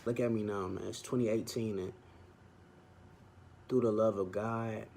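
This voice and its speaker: A man's voice: fairly low pitch, steady tone, unhurried, creaky, darkish tone, slight background noise. A young man hosting his vlog, speaking an earnest personal testimony straight to the camera. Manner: earnest, heartfelt, fond of "man". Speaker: vlog host.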